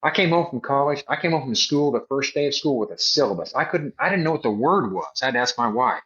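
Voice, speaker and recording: A man's voice: mid-range voice, animated, fast talker, hardly any pauses, a bit bright. Middle-aged male chaplain, emphatic folksy storyteller, slightly muffled recording. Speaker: army chaplain guest. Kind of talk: casual podcast storytelling.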